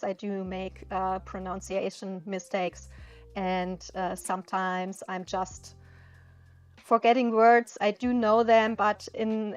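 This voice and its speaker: Flat-voiced woman with a German accent. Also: mid-range voice. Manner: hesitant, searching for words. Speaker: coloring channel host. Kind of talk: casual chat while coloring.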